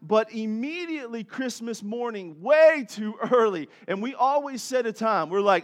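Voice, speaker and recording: Animated high-voiced male pastor. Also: normal speed, few pauses. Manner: animated storytelling, swings from soft to loud. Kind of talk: sermon.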